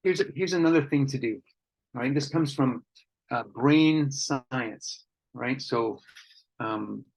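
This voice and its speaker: A man's voice: medium pitch, slow pace, vocal fry, low-quality recording. A man facilitating an online workshop, reading out participants' comments and reflecting on them in an earnest, conversational way, with frequent restarts.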